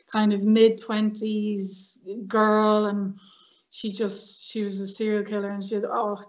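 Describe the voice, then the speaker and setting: Speaking a little slowly at medium pitch, a woman from Ireland shares stories as a guest on a casual podcast interview. An actress and violinist, she brings the dialogue to life by acting it out.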